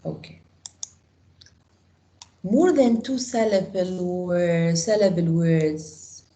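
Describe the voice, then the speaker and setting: A woman's voice: fairly low pitch, very slow, dark tone, roomy sound, slight background noise, poor audio. A woman teaching an English grammar lesson to a class, explaining step by step and asking the students questions.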